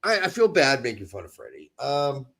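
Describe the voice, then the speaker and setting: A man co-hosting a casual soccer chat, ranting and mocking claims in quick sarcastic bursts. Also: medium pitch, creaky. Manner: animated, ranting, sarcastic mimicry. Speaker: podcast co-host.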